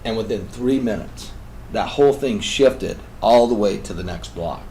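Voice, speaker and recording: Animated man telling a story. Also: lowish voice, normal speed, a little hiss or hum, poor audio. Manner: animated, swings between loud emphatic bursts and hushed intense passages. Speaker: guest on a talk show. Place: radio studio.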